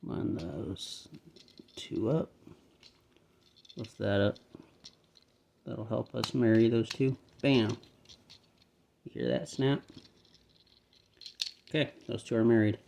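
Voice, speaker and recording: Slow, gravelly Southern man. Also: fairly low pitch, slight background noise. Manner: relaxed, talks himself through each step. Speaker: toy model builder. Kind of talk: casual step-by-step building commentary.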